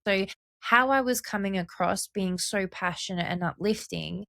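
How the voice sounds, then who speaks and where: A woman's voice: medium pitch, moderate pace, vocal fry, sharp tone, no room sound, studio quality. A young adult woman hosting a solo podcast, talking earnestly and passionately, often checking in with "right?" and "okay?". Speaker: podcast host. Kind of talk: reflective solo podcast monologue.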